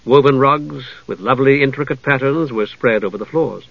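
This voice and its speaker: A man narrating a fantasy audiobook in a measured storytelling manner. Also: mid-range voice, gravelly, dry recording. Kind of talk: scripted narration. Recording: dull lo-fi dry recording.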